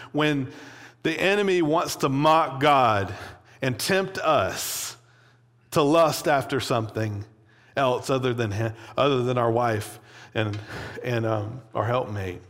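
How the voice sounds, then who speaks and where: A man preaching a sermon in a relaxed, conversational way, with plenty of casual fillers. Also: medium pitch. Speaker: pastor. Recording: long hall reverb.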